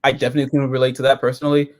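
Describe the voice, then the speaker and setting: A man co-hosting a casual episode review, profane and excitable, jumping into silly quoted voices. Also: medium pitch, racing.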